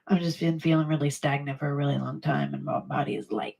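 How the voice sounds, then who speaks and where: A woman's voice: sits low, steady tone, quick pace, gravelly, hardly any pauses, darkish tone, husky. A woman in her thirties hosting a casual chat on her stream, her morning voice crackly and congested, rambling and swearing freely. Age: 30s. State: congested from allergies. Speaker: livestream host.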